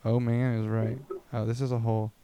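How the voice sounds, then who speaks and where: A man's voice: mid-range voice, level tone, a little fast, dark tone, clear, resonant tone. Man rambling through crude stories. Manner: rambling, crude storytelling with acted-out quotes. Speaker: podcast co-host. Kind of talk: casual comedy podcast chat.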